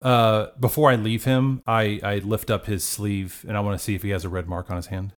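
A man's voice: lowish voice, little pitch movement, brisk. A man player at a tabletop game, talking casually and hesitantly as he thinks aloud about his moves.

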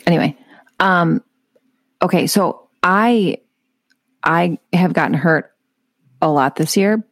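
Minnesota lady cohost, gravelly low voice, teasing, dry sound. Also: slow, dry recording. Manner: teasing, joking. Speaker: podcast co-host. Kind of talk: casual chat.

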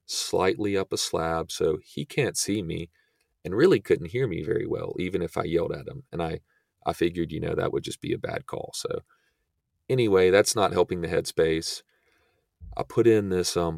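A young man, a podcast guest, retelling an experience in a relaxed, casual way full of fillers. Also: sits low, vocal fry, dry recording, clean studio sound. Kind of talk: casual storytelling.

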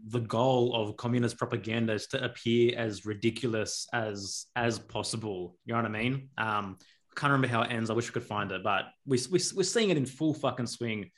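A man's voice: mid-range voice, a little fast. A man with a mid-range voice, co-hosting a podcast in a laid-back, casual way. He swears now and then as he talks. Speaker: podcast co-host.

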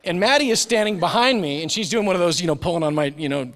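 A man's voice: sits high, lively intonation, fast talker, a bit bright. A man in his forties preaching a sermon as pastor, telling stories with humor and acting out the voices in them. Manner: storytelling with humor, acts out quoted voices. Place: church sanctuary. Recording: long reverb of a large church hall.

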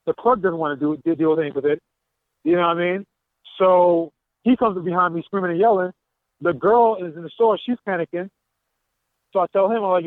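A man's voice: high-pitched, dry recording. A man calling in to a talk show from a gym, animatedly retelling a confrontation and acting out the dialogue. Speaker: caller. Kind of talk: phone-in storytelling. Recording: tinny dry phone line.

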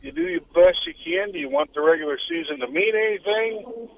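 A man's voice: very high voice, lively intonation, a little fast, vocal fry. Male caller, rambling and hesitant, tinny phone line. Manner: rambling, hesitant, thinking aloud. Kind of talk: call-in radio chat.

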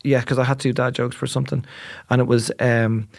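A middle-aged Irish man, a comedian chatting as a guest, telling stories quickly with lively voiced asides. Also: mid-range voice, vocal fry. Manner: animated, rapid storytelling with voiced asides. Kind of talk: casual chat.

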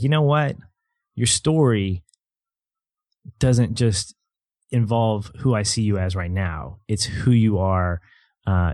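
A man's voice: low-pitched, a little mellow, dry recording, clean studio sound. A man appearing as a podcast guest, chatting earnestly and laughing often about a movie. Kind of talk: casual movie review chat.

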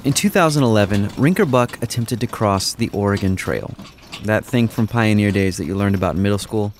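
A man hosting a podcast, reading scripted narration in a measured storytelling manner. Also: fairly low pitch, animated, a little hiss or hum.

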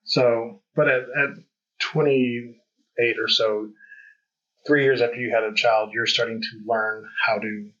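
Guy hosting a podcast, bright forceful voice, kinda rambly and candid, dull lo-fi sound. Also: medium pitch, flat delivery, takes it slowly. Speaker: podcast host. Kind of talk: conversational interview. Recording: dull lo-fi audio.

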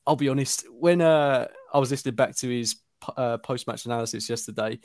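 A man's voice: mid-range voice, darkish tone, no echo. Man, opinionated podcast chat, emphatic, dry close sound. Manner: emphatic, opinionated, quick to get worked up. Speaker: football podcast panelist. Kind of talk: casual chat.

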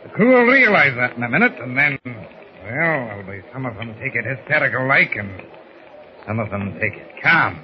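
An actor playing a stoic, fatherly older ship captain, gruff and steady, in 1940s radio acting. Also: mid-range voice, normal speed, close to an everyday voice. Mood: solemn. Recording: dull old radio recording with faint hiss.

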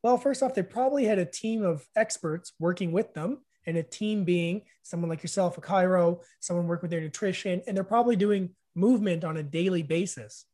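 A man's voice: high-pitched, a little fast, few pauses, dark tone. A man hosting a casual interview, speaking conversationally with frequent fillers. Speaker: podcast host.

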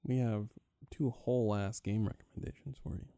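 Male co-host, very low dark voice, wry and blunt, dry close sound. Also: fairly even intonation, normal speed, creaky, clear, resonant tone, no room sound. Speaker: podcast co-host. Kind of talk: casual chat.

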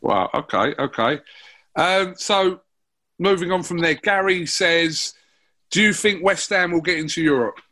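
Bright-voiced host reading questions. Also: male voice, high voice, measured pace. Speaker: podcast host.

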